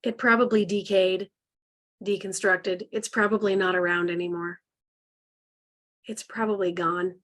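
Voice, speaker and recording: A woman teaches a live spiritual healing class online, her voice mid-pitched and earnest. She guides listeners gently and lets feeling come through. The sound is that of a plain video call microphone. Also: fairly even intonation, unhurried, long pauses. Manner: earnest, gently guiding, emotional.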